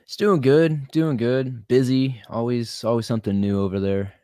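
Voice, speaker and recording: A man's voice: medium pitch, steady tone, normal speed, warm tone, no echo, clean studio sound. A young man, a metal singer and podcaster, chatting easily as a guest and laughing often. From Florida. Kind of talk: casual interview chat.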